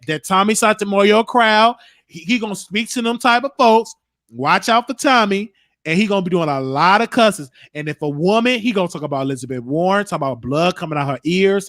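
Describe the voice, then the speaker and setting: A high-pitched man hosts a casual livestream chat. He rambles and speaks bluntly, dropping curse words freely. His voice is dry and close, with no room echo. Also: a bit bright. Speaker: show host.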